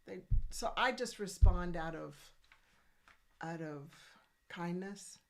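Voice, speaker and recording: A woman's voice: lowish voice, slow pace, creaky. A woman co-hosting a podcast, chatting casually and agreeing with her partner. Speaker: podcast co-host, physician. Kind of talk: casual chat.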